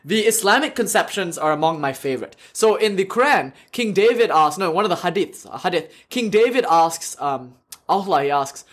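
Animated man lecturing a class. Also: high voice, moderate pace. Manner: animated, laughs often, self-correcting. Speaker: lecturer on religion.

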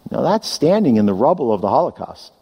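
A man's voice: mid-range voice, sing-song, quick pace, creaky, warm tone, breathy edge. A man preaching a sermon, reading scripture aloud with emphatic delivery. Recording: long hall reverb.

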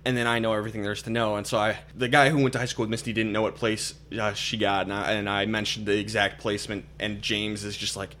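A man's voice: fairly low pitch, flat delivery, fast talker, hardly any pauses, fairly bright tone, a little hiss or hum. Young man, podcast host, loose rambling delivery. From Minnesota. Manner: chatty, rambling, many fillers and restarts. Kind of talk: casual podcast chat.

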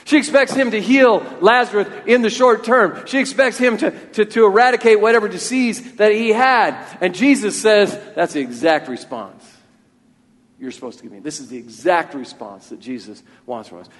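A man's voice: high voice, expressive, normal speed, hardly any pauses, a bit bright. Earnest preacher man in reverberant church. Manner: earnest, with frequent repeated words and restarts. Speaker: pastor. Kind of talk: sermon. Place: church sanctuary.

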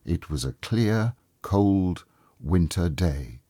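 A man reading a classic story aloud as storybook narration, in a calm, measured and expressive way. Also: sits low, husky, dry recording, studio quality.

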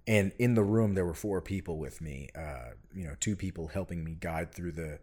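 A man, a parent, telling a personal story in casual conversation, earnest and animated, getting loud when he quotes himself. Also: sits low, normal speed, husky. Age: adult parent. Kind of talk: casual chat.

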